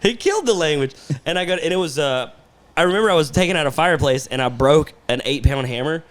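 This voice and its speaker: A young man with a somewhat high voice talks in loose, profane podcast banter. He tells stories in quick bursts and keeps breaking into laughter. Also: expressive. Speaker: podcast host. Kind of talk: casual chat.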